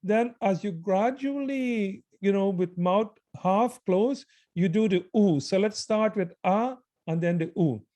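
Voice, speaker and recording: Slow, reverent man with a high voice. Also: dark tone. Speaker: mantra teacher. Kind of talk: devotional prayer and chanting instruction.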